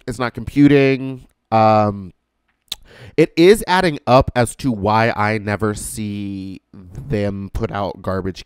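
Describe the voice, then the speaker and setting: Animated, swearing male podcast host. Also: on the low side, clean tone, no room sound, clean studio sound. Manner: animated profane ranting with sudden shouting outbursts. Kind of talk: casual comedic monologue.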